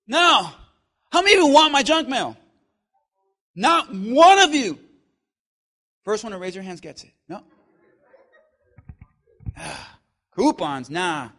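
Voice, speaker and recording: High, bright-voiced preaching pastor. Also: male voice, sing-song, unhurried, long pauses. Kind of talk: sermon. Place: church.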